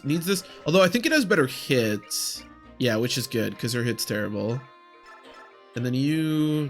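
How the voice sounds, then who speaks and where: Young male streamer, casual rambling game commentary, mid-pitched, faint music behind. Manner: rambling, self-talking. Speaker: gaming streamer.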